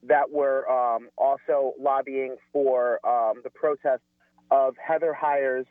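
A man as a radio guest, speaking earnestly and deliberately with frequent ums. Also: mid-range voice, fairly even intonation, no room sound. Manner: earnest, deliberate, with many um fillers. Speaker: guest on phone. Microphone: telephone. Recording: tinny phone line.

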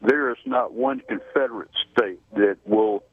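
A man's voice: fairly low pitch, slightly rough, dry recording. Older Southern man calling in by phone. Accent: Southern American. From South Carolina. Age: 60s. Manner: halting, many fillers and restarts, folksy. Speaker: caller. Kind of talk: phone-in political talk. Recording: tinny phone line.

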